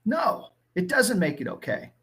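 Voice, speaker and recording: A middle-aged man, a guest, telling stories in an animated way that swings between loud and soft. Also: sits high, a little slow, slightly rough. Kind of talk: casual storytelling.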